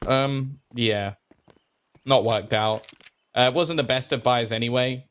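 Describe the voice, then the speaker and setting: A man doing play-by-play commentary as an esports caster, quick and playful with joking banter. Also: mid-range voice, fairly bright tone.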